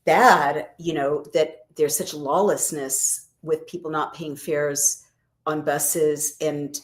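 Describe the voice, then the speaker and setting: A middle-aged woman with a low, full voice co-hosts a casual talk show. She talks in an animated, affectionate way and often jumps in with quick remarks. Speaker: co-host. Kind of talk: casual chat.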